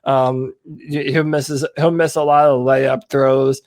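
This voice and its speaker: A man co-hosting a sports podcast, chatting in a casual, halting way with lots of fillers. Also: mid-range voice, level tone, a little mellow, dry recording. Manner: chatty, hesitant with fillers and restarts. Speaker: podcast co-host.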